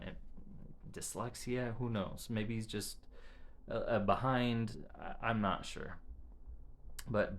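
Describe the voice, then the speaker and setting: A man speaks to his own camera in a casual vlog update, his voice sitting on the low side. He talks haltingly, pausing and restarting phrases as he gathers his thoughts. A faint hiss runs under the recording. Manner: halting, searches for words, often restarts phrases. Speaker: father giving a family update. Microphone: camera he adjusts himself.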